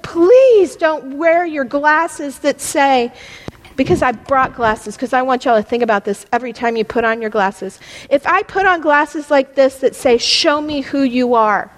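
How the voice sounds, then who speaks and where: A middle-aged woman with a high voice teaches a Bible lesson with fervent urgency, her voice climbing toward a yell at its peaks. The sound hangs in a long reverberant church hall. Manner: impassioned, rising to near-yelling at peaks.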